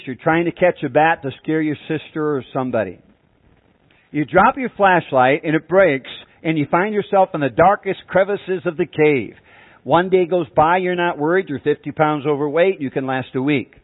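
A man preaching a sermon with a dramatic delivery, asking the congregation questions and slowing down for emphasis. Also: fairly high pitch, no room sound. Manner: dramatic, shouts out acted cries in an illustration. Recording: tinny phone-like dry sound.

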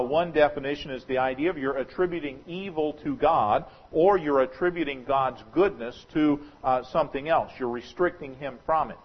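A man preaching as a pastor in a relaxed, conversational sermon, musing aloud and slowing for quoted scripture. His voice sits a little high for a man, with a husky edge. The recording sounds dull and lo-fi. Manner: conversational, speculative, quotes scripture with slowed emphasis. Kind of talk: expository sermon.

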